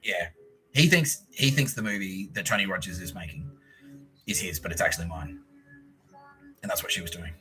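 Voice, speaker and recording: A man's voice: low voice, fairly quick, pauses often, bright, forceful tone, soft background music, low-quality recording. A man with an Australian accent hosting a solo podcast, telling a long profane story in a rambling way and mimicking people he quotes. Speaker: podcast host.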